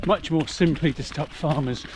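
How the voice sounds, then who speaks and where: A man's voice: on the high side, moderate pace. Middle-aged man narrating on a noisy trail. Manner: chatty, explanatory storytelling. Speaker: vlogger. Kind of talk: running commentary while trail running. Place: outdoors on a muddy rural trail. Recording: noisy outdoor recording.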